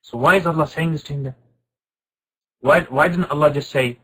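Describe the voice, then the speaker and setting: A man teaching an informal Quran class, asking his students questions and reciting Arabic verses quickly. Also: on the high side, slightly rough, rough recording. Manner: lively, asks the class questions and answers them.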